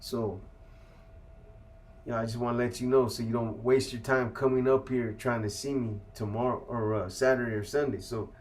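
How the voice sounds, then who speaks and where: A man's voice: mid-range voice, steady tone, moderate pace. A man from California casually telling a story as an interview guest, in laid-back street slang with plenty of profanity.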